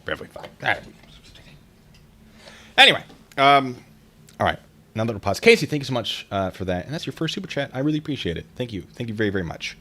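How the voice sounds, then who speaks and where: A man's voice: mid-range voice, sing-song, quick pace, long pauses, sharp tone, breathy edge. A man streaming live, reading reader stories aloud and reacting to them and to chat in a chatty, wry way. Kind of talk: casual live-stream commentary.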